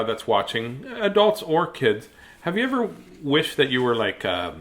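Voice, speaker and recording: A medium-pitched man hosts a children's reading show, reading aloud to young viewers before turning to heartfelt talk about kindness. He speaks gently and earnestly, choked up, with pauses and filler words.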